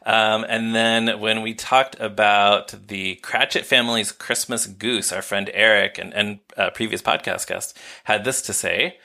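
A man co-hosting a podcast, chatting casually and briskly reading out listener mail. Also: on the low side, steady tone, vocal fry, sharp tone. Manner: brisk, reads listener comments aloud. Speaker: podcast co-host.

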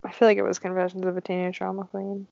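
A woman's voice: medium pitch, completely flat delivery, fast, creaky, dark tone, no echo. A young woman co-hosting a casual movie podcast, giggly and saying "like" constantly. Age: young adult. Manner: giggly, heavy on "like". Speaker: podcast co-host. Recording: dry, muffled lo-fi audio.

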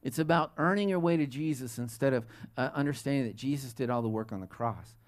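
A man's voice: mid-range voice, fast. A middle-aged man, a pastor, preaching a conversational sermon full of restarts and rhetorical questions to his congregation.

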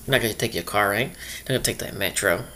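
A man's voice: fairly low pitch, fast, bright, forceful tone, a little hiss or hum. A man doing a rambling comedic monologue, full of loose asides and repeated "you know".

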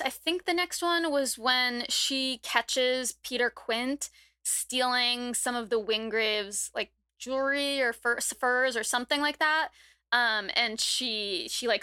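A woman's voice: fairly high pitch, unhurried, bright, forceful tone, clean tone, no room sound. A woman co-hosting a podcast, casually summarizing plot points and agreeing readily with her co-hosts. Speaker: podcast co-host. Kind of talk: casual chat reviewing a TV show.

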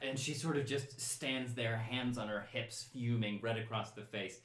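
A man narrating as game master, describing scenes in a halting, descriptive way with restarts. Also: medium pitch, fairly even intonation, a bit bright, echoey room.

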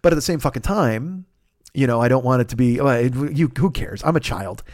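A man in his fifties talks quickly and loosely through a solo podcast monologue, excitable and swearing freely. His voice sits at an ordinary pitch and is caught close on the mic with a dry, roomless sound. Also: no room sound. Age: 50s. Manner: profane, rambling and excitable. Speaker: podcast host.

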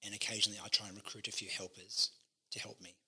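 A man who is a pastor co-hosting a leadership podcast, teaching with lively acted-out quotes. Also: lowish voice, fast, slightly rough. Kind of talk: casual ministry podcast chat.

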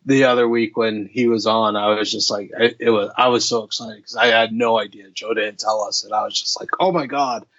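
A man's voice: on the low side, brisk, hardly any pauses, highs cut off. Profane, laughing podcast host man. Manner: profane, laughs often, animated retelling. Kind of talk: casual podcast banter.

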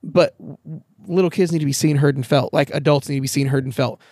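A man chatting candidly outdoors for a podcast, a bit higher than most men and recorded close and dry. He tells his story in a loose, swearing way, slipping into the voices of the people in it. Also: fairly even intonation, brisk, a little mellow, no room sound. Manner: candid, swears freely, storytelling with quoted dialogue. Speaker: podcast guest. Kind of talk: casual conversation. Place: outdoors in a backyard.

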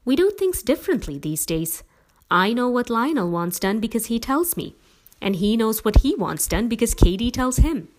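A woman's voice: on the high side, very animated, moderate pace, slight background noise, voice pushed up. A woman voicing a wry, pedantic teenage boy who enjoys teasing his father in a family story. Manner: teasing, amused.

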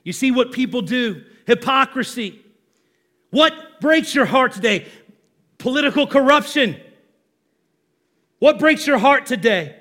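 A male pastor preaching a sermon to his congregation, animated and conversational, asking the room questions. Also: very high-pitched, measured pace, long pauses.

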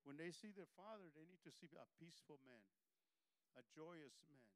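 A man's voice: a little high, animated, moderate pace, no room sound, low-quality recording. A pastor preaching a church sermon, exhorting his congregation and repeatedly asking if they are listening, with a conversational manner full of "you know.". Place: church service.

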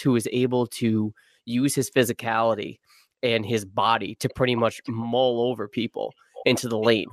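A man guesting on a sports podcast, breaking down plays in a measured, analytical way with deadpan humor. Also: mid-range voice, no room sound, clean studio sound.

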